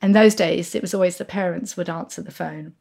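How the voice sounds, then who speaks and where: A woman's voice: lowish voice, brisk, vocal fry. A woman, telling an anecdote as an interview guest and acting out the voices of the people in it. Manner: animated, acts out the voices of the people in her story.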